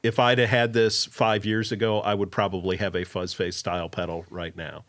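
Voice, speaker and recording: A man's voice: on the low side, flat delivery, normal speed, a bit bright. A man who builds pedals, a guest on a podcast, talking at length with dry humor. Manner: long-winded, dry humor. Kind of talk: casual chat.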